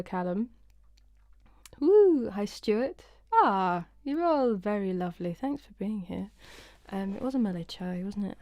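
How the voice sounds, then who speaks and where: A woman's voice: mid-range voice, a little mellow, no room sound. A young woman from the UK hosting her weekly live stream, chatting casually and self-deprecatingly with viewers, greeting them by name and rambling through stories. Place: home, indoors.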